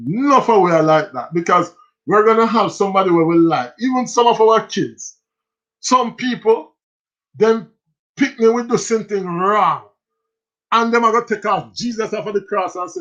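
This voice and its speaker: A man's voice: high-pitched, normal speed, dull audio. A man with a Jamaican accent hosting a casual livestream, reading viewer comments and slipping into patois. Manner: animated, switches into patois, reads viewer messages aloud. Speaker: livestream host.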